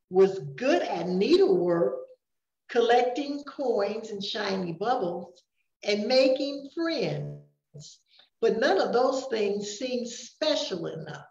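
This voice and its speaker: Slow-reading grandmother, echoey room. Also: a little high, expressive, darkish tone. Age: older. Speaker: grandparent storyteller. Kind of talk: reading a picture book aloud. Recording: echoey room, dull sound.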